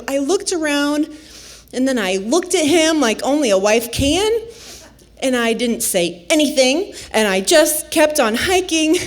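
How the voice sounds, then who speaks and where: A woman from Nebraska telling a personal story on stage, unhurried and playful, often laughing. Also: high voice. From Nebraska, USA.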